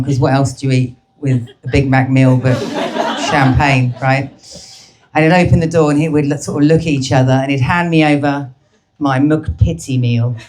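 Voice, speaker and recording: A woman's voice: a bass voice, background noise. A woman performing a brash, crude stand-up comedy set, teasing the crowd at a live show.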